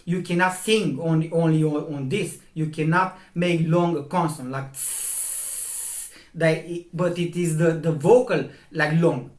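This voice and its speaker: A man hosting his own video channel, talking in a rambling monologue, halting and repeating himself as he explains and sounds out vowels and consonants. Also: a little high, fairly even intonation. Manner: halting, repetitive, restarts words often. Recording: roomy echo.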